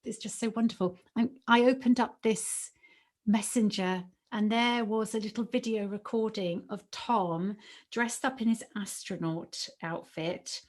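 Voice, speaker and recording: A woman's voice: mid-range voice, measured pace, a little mellow. A British woman in her late forties, a podcast host and former teacher, telling stories in an earnest, emotional way and repeating herself for emphasis. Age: 40s. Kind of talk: podcast interview storytelling.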